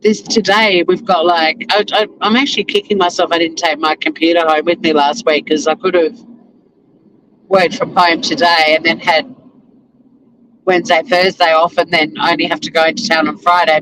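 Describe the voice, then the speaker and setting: A woman's voice: sits low, fairly even intonation, normal speed. An Australian woman vlogging as she drives. She chats in a rambling, casual way and laughs often. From Tasmania, Australia. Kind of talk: casual chat while driving. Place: inside a moving car. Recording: car road noise.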